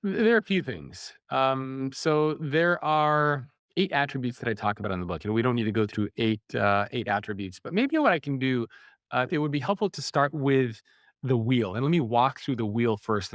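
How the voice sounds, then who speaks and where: Animated male author, dry close mic. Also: mid-range voice, dry recording. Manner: animated, acts out quoted voices. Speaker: author and podcast guest. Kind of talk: conversational explanation.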